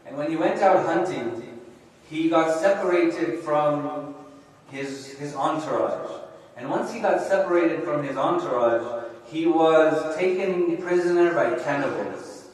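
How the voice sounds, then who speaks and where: Heard from a distance in an echoey Islamic center hall, a sheikh preaches a religious sermon in a fairly high, darkish voice at an unhurried pace, with a little hiss or hum on the recording. He speaks conversationally, frequently adding "right?" and "yeah?"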